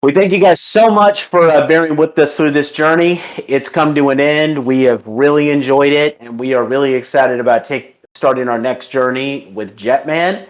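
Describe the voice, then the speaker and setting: A man's voice: mid-range voice, normal speed, few pauses. A man hosting a casual podcast, wrapping up the episode with many ums and uhs. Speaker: podcast host. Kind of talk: casual podcast chat and wrap-up.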